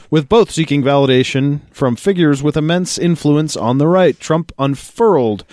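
A man's voice: on the high side, animated, unhurried, darkish tone, no room sound, studio quality. A man co-hosting a podcast, reading news excerpts aloud and joking about them with a co-host, often laughing. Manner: reads news excerpts then jokes and laughs. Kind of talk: casual podcast chat reading articles aloud.

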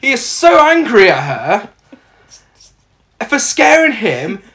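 Co-host recapping a slasher film, sardonic and profane, with lively ups and downs in pitch. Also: slow pace. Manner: sardonic, acts out lines from the film. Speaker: podcast co-host. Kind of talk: casual film recap with swearing.

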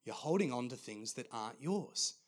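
A man voicing a firm, serious Jesus figure, repeating his demand slowly and insistently within a sermon story. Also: medium pitch, expressive, close to an everyday voice. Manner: slow, insistent repetition.

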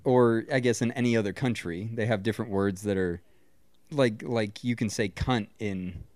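A man's voice: lowish voice, normal speed, darkish tone, dry recording. A Scottish man co-hosting a podcast, riffing about a movie in a rambling way and swearing freely. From Scotland. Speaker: podcast co-host. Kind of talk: casual movie commentary chat.

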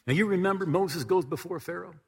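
A man preaching a sermon, retelling a story with lively quoted dialogue. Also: high voice, brisk, creaky, a little hiss or hum. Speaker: pastor. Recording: long hall reverb.

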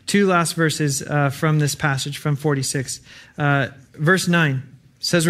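A man's voice: fairly high pitch, fairly even intonation, a little slow, fairly bright tone. A young adult man preaching an earnest, conversational sermon with frequent fillers.

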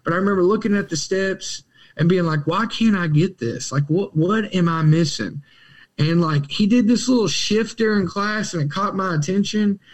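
Man, young, fairly high voice, animated storyteller, acts out quotes. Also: moderate pace. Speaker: podcast guest in recovery. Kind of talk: storytelling in casual conversation.

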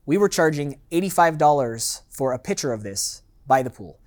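A man's voice: a little high, expressive, moderate pace, darkish tone. A man, a master sommelier, giving a loose, conversational seminar to a live audience and acting out customers' lines. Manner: loose and chatty with fillers and asides.

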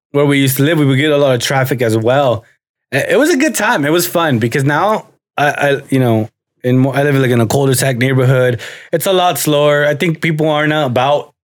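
A young man co-hosting a podcast, telling stories in casual chat, profane and laughing often. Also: medium pitch. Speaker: podcast co-host.

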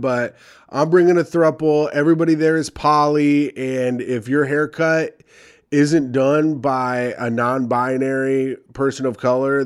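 A young man reading advice letters aloud and ranting about them with sarcastic, profane commentary. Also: medium pitch. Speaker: comedy podcast host reading advice columns.

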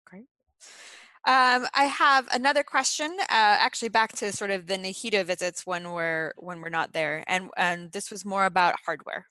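A woman moderator passes audience questions along on a video call, halting and using fillers. Her voice is bright and a little tense. The sound is close and dry. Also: medium pitch, no echo. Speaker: webinar moderator.

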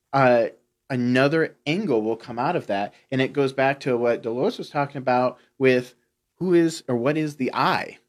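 A man's voice: mid-range voice, moderate pace. A man in a casual spiritual discussion, explaining earnestly with many fillers.

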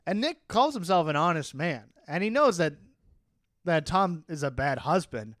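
A man's voice: fairly high pitch, moderate pace, no echo, studio quality. A man co-hosting a casual book discussion, reading passages aloud and riffing on them with frequent laughter. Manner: animated, laughs often, reads passages aloud then riffs. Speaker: podcast co-host discussing a novel.

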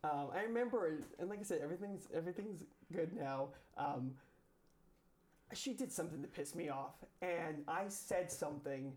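A young man, a guest on a chat show, telling a story in a chatty way with lots of "like" and quick restarts. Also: a little high, darkish tone. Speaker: former cast member, guest.

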